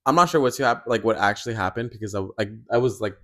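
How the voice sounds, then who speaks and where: A man's voice: mid-range voice, animated, fast talker, sharp tone. A young man co-hosting a podcast, talking hesitantly and rambling through a story. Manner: hesitant, rambling with fillers and restarts. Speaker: podcast co-host. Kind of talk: casual chat.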